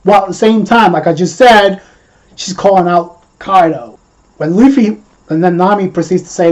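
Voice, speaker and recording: A man reviewing an anime episode in a casual video, excitedly retelling its scenes in a loose, rambling way. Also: high voice, moderate pace, rough recording.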